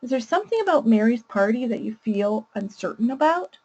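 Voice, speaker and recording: A woman voicing a calm, understanding parent who gently names a child's feelings. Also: fairly high pitch, brisk, slightly rough, dull audio. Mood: gentle. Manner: gentle, validating.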